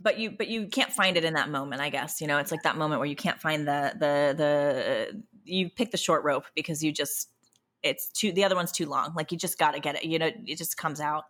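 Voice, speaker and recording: A young adult woman and parent of a toddler, exhausted, talking candidly in a halting, self-interrupting, emotionally raw way. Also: sits low, a bit bright. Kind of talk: candid conversational chat.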